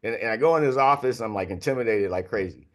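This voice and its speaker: A man's voice: lowish voice, fast talker. Man in his sixties telling stories. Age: 60s. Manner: candid, anecdotal, heavy on filler phrases. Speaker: guest author. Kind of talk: podcast interview storytelling.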